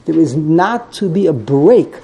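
A man's voice: a little high, very animated, measured pace, warm tone, husky, poor audio. A man teaching a Torah text class, explaining Hebrew grammar with frequent repetitions and Hebrew terms. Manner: explains grammar patiently, repeats words, mixes in Hebrew terms.

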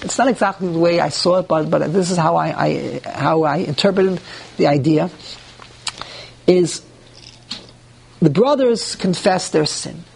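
A man's voice: sits high, vocal fry, slight background noise. A man teaching a Torah class who reads verses and then explains them, with rhetorical questions and the odd restart. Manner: animated, with rhetorical questions and mock dialogue; restarts and searches for words.

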